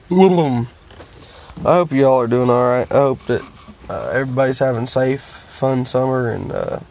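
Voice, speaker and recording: A man's voice: medium pitch, a little slow, vocal fry, darkish tone. A worn-out man in a mid-range voice rambling through his day to his viewers from home. He drawls, swears freely and trails off into fillers. A faint background hiss sits under the recording. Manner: profane, drawling and meandering, full of fillers. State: worn out and tired. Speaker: vlogger. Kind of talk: rambling casual monologue to viewers. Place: at home, sitting.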